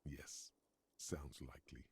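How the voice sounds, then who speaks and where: A man voicing a wry, knowing narrator in a video game, speaking in dry, deadpan lines. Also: very deep voice, slow pace, breathy edge, no room sound, full character voice. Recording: game audio with faint music behind.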